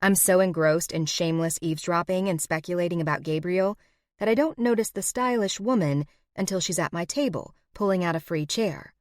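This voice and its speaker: Low-voiced woman narrating a romance. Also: fairly quick, a little mellow, no echo, studio quality. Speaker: audiobook narrator. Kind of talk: first-person romance audiobook narration.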